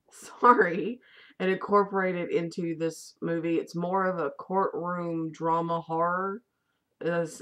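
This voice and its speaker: A woman vlogger in casual, rambling chat reviewing a favorite movie, with the odd casual swear. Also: low-pitched.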